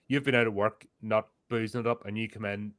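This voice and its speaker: A man's voice: fairly low pitch, fairly even intonation, brisk, a bit bright. A man co-hosting a horror podcast, chatty and wry, telling things at length. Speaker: podcast co-host. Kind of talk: casual chat.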